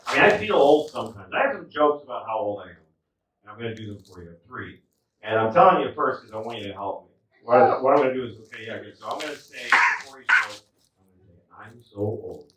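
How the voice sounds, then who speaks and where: A man in his fifties doing a stand-up set, telling stories in a lively way with acted-out quotes. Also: medium pitch, fast talker. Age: 50s. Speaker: stand-up comedian. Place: indoor comedy club. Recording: echoey club, distant mic, noisy.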